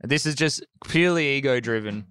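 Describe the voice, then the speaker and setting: A man, a band member explaining things in a relaxed way, with many fillers. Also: mid-range voice, fairly quick, clean tone, no room sound, studio quality. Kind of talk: casual chat.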